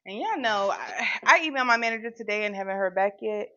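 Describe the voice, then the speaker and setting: Speaking fast and with a sharp edge, this young adult woman hosts a relaxed live stream on her channel, rambling talkatively to her audience. Her mid-range voice is lively. The sound is flat and lo-fi.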